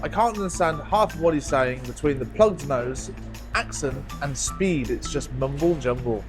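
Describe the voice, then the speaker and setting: Nasal, croaky man chatting fast. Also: a little high. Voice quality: nasal, croaky, as if he had a cold. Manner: fast-talking, jokey. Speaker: scrapyard vlog host. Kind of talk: casual chat. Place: outdoors at a scrapyard. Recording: music playing under the voice.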